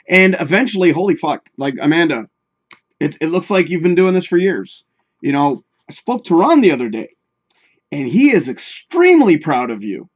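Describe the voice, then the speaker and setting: A man's voice: fairly high pitch, sing-song, moderate pace. A man hosting a live talk show in casual, rambling chat, swearing freely and talking straight to his viewers.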